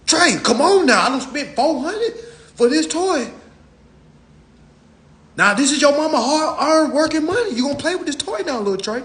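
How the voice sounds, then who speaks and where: A whiny mother pleading with her little boy, as a man puts her on in a raised, strained pitch. She coaxes and nags in a worn-out, put-upon way. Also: animated, moderate pace, long pauses, a bit bright, echoey room. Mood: coaxing. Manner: whiny, coaxing, exasperated. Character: pleading mother coaxing her young son.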